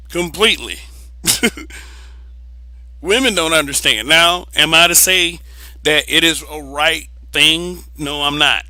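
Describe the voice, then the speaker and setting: A man's voice: fairly high pitch, slow pace, long pauses, bright, forceful tone, dry recording, poor audio. A young man giving blunt, profane opinions in a casual monologue, repeating words as he presses his point.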